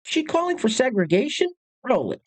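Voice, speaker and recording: A man's voice: extremely high pitch, sing-song, normal speed. A man hosting a commentary video, introducing clips with sarcastic, sneering asides. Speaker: commentary channel host.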